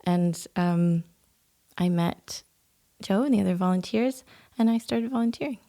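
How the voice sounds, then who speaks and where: A Canadian woman talks softly and thoughtfully as a podcast guest. Her mid-pitched voice often slips into a gravelly fry at the ends of phrases. Her manner is relaxed and lightly amused. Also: a little slow. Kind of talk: casual chat. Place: small room in a historic house.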